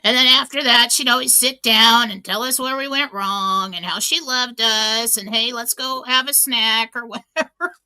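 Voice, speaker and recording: A woman's voice: a little high, moderate pace, bright, forceful tone, smooth. A middle-aged woman hosting a radio talk show, telling stories in a chatty way, full of fillers and restarts. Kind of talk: casual inspirational talk.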